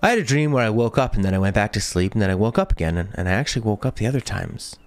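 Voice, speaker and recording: A man with a lowish, expressive voice talks at a racing pace, with no room sound, while streaming a video game. Playful and casual, he reads viewer comments aloud and jokes around.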